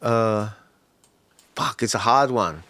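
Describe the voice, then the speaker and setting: A man's voice: lowish voice, lively intonation, slow pace, sharp tone, dry recording. A man hosting a casual livestream who brainstorms rap lyrics aloud, muttering and repeating lines as he works them out. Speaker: livestream host and rapper.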